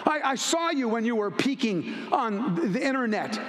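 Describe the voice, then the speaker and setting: A man's voice: very high-pitched, very animated, moderate pace, fairly bright tone, voice pushed up, full character voice. A man voicing a contemptuous demon that accuses a believer, in a sneering, pointed tone. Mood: taunting. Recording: echoey church hall.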